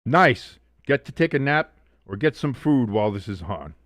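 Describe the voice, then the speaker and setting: A man's voice: medium pitch, moderate pace, no room sound, studio quality. A man hosting a casual live-stream watch-along, reading chat aloud and swearing freely as he reacts. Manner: profane, animated, reads chat aloud.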